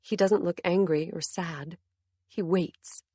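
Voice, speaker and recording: A woman's voice: lowish voice, steady tone, takes it slowly, mellow, husky, no room sound. A woman reading a first-person story aloud as an audiobook narrator, with tense, intimate storytelling.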